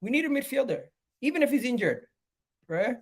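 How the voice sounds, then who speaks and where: A man's voice: very high voice, sing-song, a little fast. Exasperated man ranting on a live stream. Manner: exasperated, repeats phrases over and over; swings between loud outbursts and muttering. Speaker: fan channel host. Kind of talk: live-stream football fan rant.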